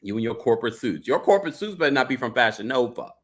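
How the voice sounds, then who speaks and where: A man hosting a casual reality show recap, reading viewer messages and acting out cast members in an animated way. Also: medium pitch, quick pace. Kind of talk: casual recap chat reading super chats.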